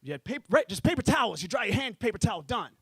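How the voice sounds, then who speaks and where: A man performing stand-up comedy, telling stories in an animated, profane way. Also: high voice, racing, husky, no echo.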